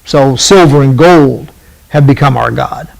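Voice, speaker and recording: A man's voice: medium pitch, measured pace, creaky, rough recording. A man hosting a radio show, giving emphatic, sarcastic political commentary that rises into indignant questions.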